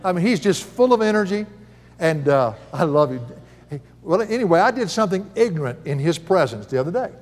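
Folksy older preacher, high voice. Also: male voice, animated, fairly quick, long reverb tail. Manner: folksy, chuckling storyteller. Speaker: Bible teacher. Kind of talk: sermon with personal stories.

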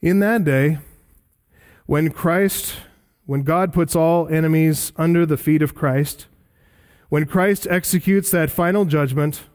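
A male preacher delivering a sermon, emphatic, rising for stress and dropping low for weight. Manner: emphatic, swinging between loud rises and low drops.

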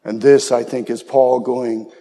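A man preaching a sermon with earnestness, sometimes dropping soft and low and sometimes bursting into a shout. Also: level tone, measured pace, creaky, long reverb tail. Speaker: pastor.

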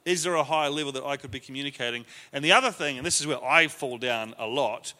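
A man's voice: medium pitch, fast talker, sharp tone, long reverb tail. A man teaching a leadership class to a group in a conversational way, often acting out the lines he quotes.

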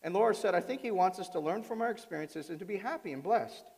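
A man preaching a sermon as pastor, animated, often turning to his congregation with questions. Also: high voice, fast, husky. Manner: animated, asks the audience questions. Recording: reverberant hall.

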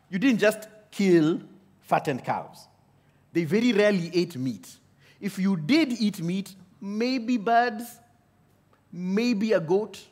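A man preaching a sermon in an animated way, often asking the audience questions. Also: sits high.

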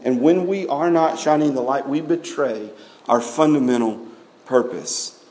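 A man's voice: mid-range voice, measured pace, darkish tone. A man preaching a sermon to his congregation, emphatic and full of rhetorical questions, often repeating words as he builds a point. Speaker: pastor.

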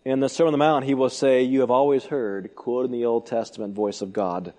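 A man's voice: steady tone, a little fast, mellow. Emphatic male preacher in reverberant hall. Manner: emphatic, rhetorical questions, wide swings in pitch and volume. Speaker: pastor. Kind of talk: expository sermon.

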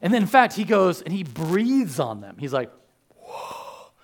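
A male pastor delivers a sermon with a slightly high voice. He is animated and playful, jokes as he goes and acts out the people in the story. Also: moderate pace, vocal fry.

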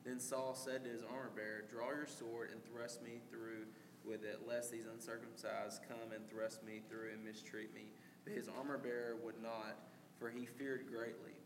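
A man reads scripture aloud in a flat, even tone and at a steady, measured pace. The recording sounds roomy, with a long hall reverb and clear background noise behind his voice. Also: mid-range voice. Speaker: scripture reader.

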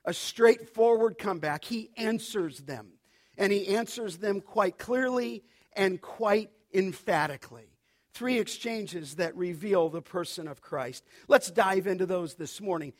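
Pastor, male, higher-pitched voice, emphatic sermon delivery with deliberate repetition. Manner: emphatic, repeats key phrases, slows for quoted scripture.

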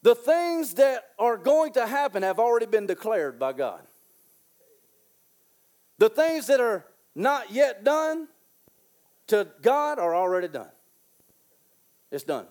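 Pumped-up preacher guy, pretty high voice, keeps repeating stuff and slowing way down on the big lines. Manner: animated and excitable, repeats phrases for emphasis, drawls key lines slowly. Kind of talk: sermon.

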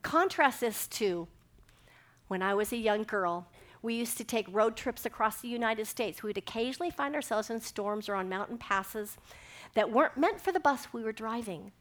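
A middle-aged woman delivers a devotional sermon in a slightly high voice. She tells her stories with animation, acting out each line of the dialogue herself. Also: animated, moderate pace, fairly bright tone. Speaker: speaker giving a devotional talk. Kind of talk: sermon with personal storytelling.

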